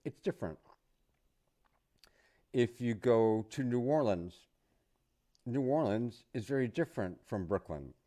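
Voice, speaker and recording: A middle-aged man teaching English phrases to learners, repeating each phrase slowly and casually. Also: medium pitch, expressive, warm tone. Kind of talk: casual online English lesson.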